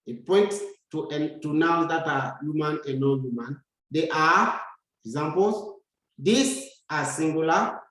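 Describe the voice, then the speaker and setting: Slow, deliberate male teacher, echoey room. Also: a little high. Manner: slow, deliberate, repeats sentences for learners. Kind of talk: slow grammar lesson.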